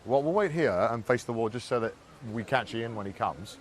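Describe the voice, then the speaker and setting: A man talks quickly as he shows his friends around town, telling lively stories between laughs. His voice sits at a middle pitch. Faint background noise comes through behind him. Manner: fast, laughing storyteller. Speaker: tour guide friend. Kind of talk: casual chat.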